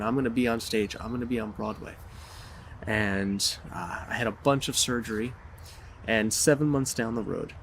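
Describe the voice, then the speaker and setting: A man giving a motivational talk, telling his personal story in an animated, dramatic way. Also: on the low side, a little hiss or hum. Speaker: motivational speaker.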